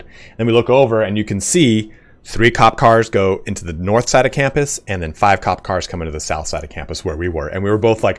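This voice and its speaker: A young man, a gaming streamer, telling a story in casual chat, animated and swearing often. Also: on the low side, fairly quick.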